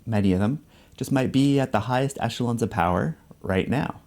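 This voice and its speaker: A man giving measured, scripted narration for an explanatory video essay. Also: mid-range voice, darkish tone.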